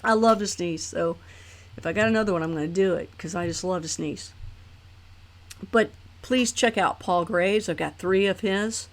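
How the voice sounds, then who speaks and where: A woman's voice: lowish voice, moderate pace. A woman hosting a live stream, talking casually and rambling chattily with her viewers. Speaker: host of a live talk stream.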